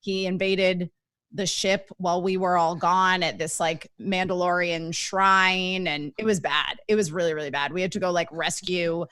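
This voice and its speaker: A woman co-hosting a casual chat, enthusiastic and quick to laugh. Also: on the low side, steady tone, fairly bright tone, clear, resonant tone, no echo, studio quality. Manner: enthusiastic, giggly. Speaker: co-host.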